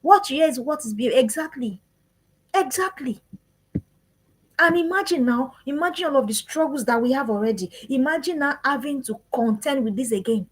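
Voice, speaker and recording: Parenting speaker, woman, 30s, high breathy voice, repetitive sermon-like emphasis. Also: expressive, normal speed, low-quality recording. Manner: earnest, repetitive preaching cadence. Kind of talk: live-streamed parenting talk.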